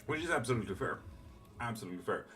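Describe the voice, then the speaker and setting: A man's voice: lowish voice, big pitch swings, very fast, sharp tone, faint music behind. A man running a live tarot stream, chatting casually with viewers and rambling with fillers and the odd swear. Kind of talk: casual live-stream chat reading comments.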